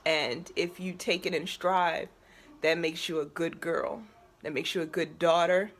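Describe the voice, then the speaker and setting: A woman from the Baltimore area talking to camera in a personal vlog, halting and emotional, moving between laughter and tears. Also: lowish voice, steady tone. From Baltimore area, USA. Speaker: vlogger.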